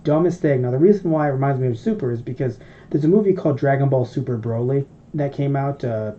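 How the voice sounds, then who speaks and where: A man's voice: medium pitch, fast talker, dark tone, a little hiss or hum. A man co-hosting a podcast, telling a long, rambling, profane story in casual chat. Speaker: podcast co-host. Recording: dull lo-fi podcast audio.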